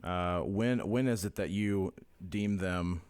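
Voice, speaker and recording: A man's voice: sits low, takes it slowly, darkish tone, smooth, no room sound. A man hosting a church podcast, easygoing and affirming as he chats with his guests. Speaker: podcast host. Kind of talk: casual interview chat.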